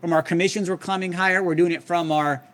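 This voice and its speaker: Guy hosting a webinar, kinda high voice, hyped and talking right to the viewers. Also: steady tone, fast talker, fairly bright tone. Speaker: webinar host.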